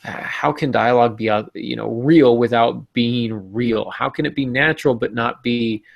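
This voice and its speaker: Gravelly-voiced man hosting a writing podcast. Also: medium pitch, normal speed, dull audio. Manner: hesitant, many ums and restarts, self-deprecating. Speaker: podcast host. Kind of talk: casual discussion.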